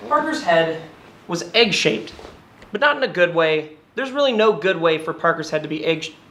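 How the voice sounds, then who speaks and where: A man narrating a mockumentary comedy in a dry, matter-of-fact, deadpan way. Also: a little high, moderate pace.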